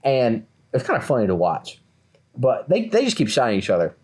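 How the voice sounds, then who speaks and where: A man's voice: mid-range voice, a little fast, slightly rough. A man in his twenties, co-host of a podcast, telling a story in a casual way and acting out the voices of the people in it. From Kentucky, USA. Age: 20s. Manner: animated, acts out quoted voices.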